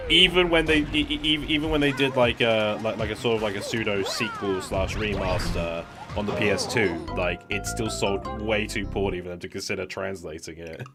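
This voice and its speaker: A man's voice: fairly low pitch, normal speed, loud music behind the voice. A British man streaming a game, chatting casually, rambling with stammered restarts and a lot of swearing.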